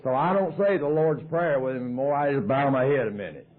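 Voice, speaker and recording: A man's voice: medium pitch, fast talker. A man with a Southern American accent telling his recovery story at a meeting in a folksy, joking way. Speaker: AA speaker. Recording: tinny lo-fi 1990s tape.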